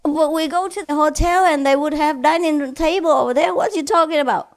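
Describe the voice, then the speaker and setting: A woman's voice: high voice, fairly quick, voice pushed up. A woman voicing a puzzled wife who questions her husband.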